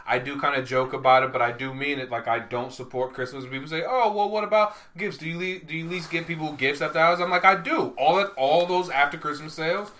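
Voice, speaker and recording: A fast-talking man with a bright, fairly high voice, hosting a podcast. He jokes around and keeps the chat moving. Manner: quick, joking, keeps the conversation going. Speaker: podcast host. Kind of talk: casual chat.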